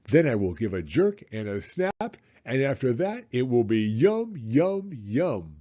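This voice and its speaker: A man's voice: medium pitch, very animated, measured pace, dark tone, muffled recording. A man voicing an enormous, greedy and boastful male crocodile in a storybook read-aloud, gloating and sly.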